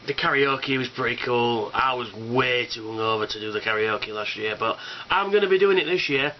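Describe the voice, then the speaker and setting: A man's voice: medium pitch, normal speed, lo-fi sound, slight background noise. A man rambling casually about a fan convention, enthusiastic and swearing, with lots of fillers. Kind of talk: casual rambling video response.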